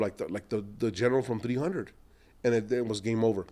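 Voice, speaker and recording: A middle-aged man, an entrepreneur, telling long animated anecdotes in a podcast interview and acting out what other people said. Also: lowish voice, a little fast. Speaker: entrepreneur guest.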